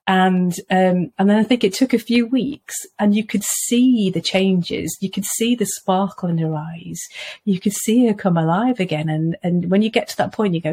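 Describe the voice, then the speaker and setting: A woman's voice: medium pitch, moderate pace, darkish tone, breathy edge. A middle-aged woman, an earnest podcast guest who talks reflectively and often laughs. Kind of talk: conversational interview.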